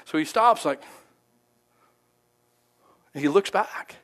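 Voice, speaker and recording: High-voiced, animated pastor preaching. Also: male voice, slow pace. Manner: animated, conversational storytelling with acted-out quotes. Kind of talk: sermon. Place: church sanctuary.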